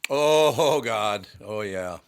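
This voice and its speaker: A man with a somewhat low voice chats casually about sports. He reminisces and tells anecdotes from his broadcasting days in an easy conversational way. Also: animated, drawn-out words, clean tone.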